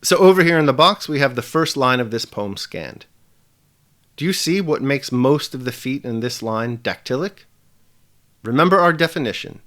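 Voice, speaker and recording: A man hosting a scripted literature lesson, measured and articulate, slowing down for key definitions. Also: medium pitch, lively intonation, a bit bright. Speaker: English teacher hosting a lesson channel.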